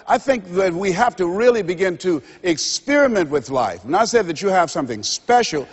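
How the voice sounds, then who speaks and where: A man's voice: high-pitched, animated, fairly quick, slightly rough. A man giving a motivational seminar speech to a live audience, dramatic and preacher-like, acting out the voices in his stories. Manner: dramatic, acts out quoted voices, preacher-like build-ups. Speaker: motivational speaker. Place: stage in a large hall with a live audience. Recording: lo-fi recording in a large reverberant hall.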